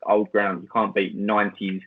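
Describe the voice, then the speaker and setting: Over a dry, tinny, phone-like line, an Essex-born football video maker chats on a podcast, telling a story that wanders with fillers and restarts. His fairly low voice is completely flat, his pace moderate, with no room sound.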